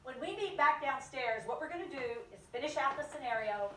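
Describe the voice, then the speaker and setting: A woman leading a lively dementia care training for a live audience, acting out inner voices and joking with the crowd. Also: sits high, fairly quick, recorded from a distance, slight background noise. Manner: animated, acts out inner voices and jokes with the audience. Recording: echoey room, voice from off the mic.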